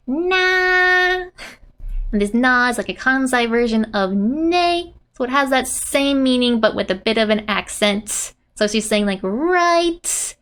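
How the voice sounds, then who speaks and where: A woman casually teaching a Japanese lesson, laughing often and acting out quoted lines in animated voices. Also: fairly high pitch, normal speed, hardly any pauses.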